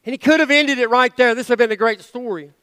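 A man's voice: very high voice, fast talker, bright, forceful tone, clear, resonant tone, no room sound, in a large hall. A male pastor preaching a sermon in a church, earnest and conversational, with playful asides. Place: church sanctuary.

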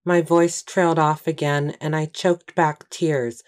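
A woman giving first-person audiobook narration in a steady, measured storytelling manner. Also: deep voice.

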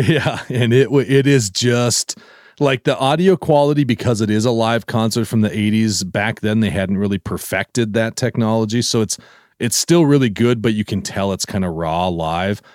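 A man with a lowish voice chats eagerly on a podcast, piling up fillers and restarts as he rambles about what he loves. His mic is close and the sound is dry. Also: moderate pace, darkish tone, no echo. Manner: enthusiastic, rambling with many fillers. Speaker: podcast co-host. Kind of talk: casual chat.

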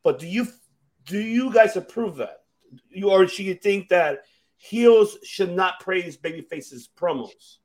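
A man hosting a casual talk show, asking rambling, animated questions with many restarts. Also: high voice, a little slow. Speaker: podcast host. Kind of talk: casual chat.

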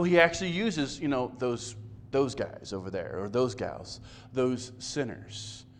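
Conversational preacher, man, high-ish voice. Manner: conversational, self-deprecating, stumbles and repeats words. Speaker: pastor. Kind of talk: sermon.

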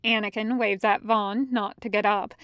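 A woman reading fan fiction aloud as a podfic narrator, in a measured storytelling manner. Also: medium pitch, steady tone, fairly bright tone, clear, resonant tone, no room sound, studio quality. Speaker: podfic reader.

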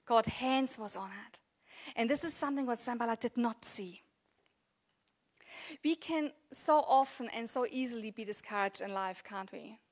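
A woman in her thirties delivers a church sermon with a slightly high voice. She talks to the congregation in an earnest, conversational way and leans on rhetorical questions. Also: moderate pace. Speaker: preacher.

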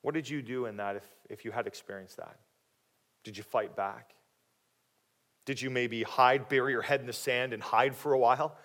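A man preaching a sermon, animated and dramatic, acting out the people in the story and dropping quiet for questions to the listeners. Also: normal speed. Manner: animated, acting out quoted voices with big swings in pitch and loudness. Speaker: pastor.

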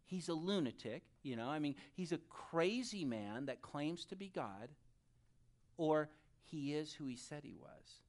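A pastor preaching a sermon who speaks straight to the congregation and swings between loud, urgent stretches and soft, quiet ones. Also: medium pitch, animated, measured pace. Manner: addresses the audience directly.

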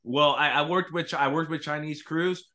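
A man co-hosts a casual podcast, breaking in with quick jokes and loose swearing. His voice is slightly higher than average and sounds bright and forceful. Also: fairly even intonation. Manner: quick banter, jokey interjections, swears casually. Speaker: podcast co-host.

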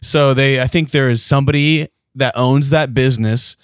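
A man co-hosting a podcast, chatting casually and throwing in quick jokes. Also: medium pitch, steady tone, no room sound, clean studio sound. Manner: joking, quick interjections. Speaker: podcast co-host.

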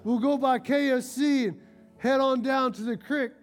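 A pastor voicing a relaxed, folksy king inviting his wife along. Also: extremely high pitch, normal speed, soft background music. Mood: easygoing. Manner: easygoing, folksy. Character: laid-back king courting his wife.

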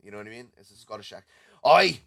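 A man's voice: fairly low pitch, fairly even intonation, rapid-fire, fairly bright tone, dry recording, clean studio sound. A man co-hosting a podcast, laid-back and chatty, often checking in with "you know what I mean". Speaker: podcast co-host. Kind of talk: casual banter.

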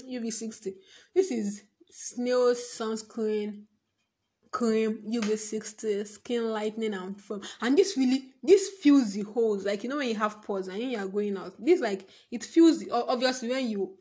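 A woman's voice: a little high, measured pace, mellow. A young woman from Nigeria with a Nigerian English accent, rambling in a casual vlog monologue, jumping between thoughts, laughing and swearing often. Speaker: vlogger.

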